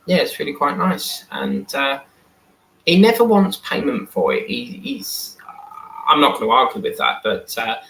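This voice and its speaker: A man's voice: mid-range voice, huge pitch swings, unhurried, a bit bright. A man hosting a live stream in casual chat, reading and answering viewer comments aloud. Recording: echoey room.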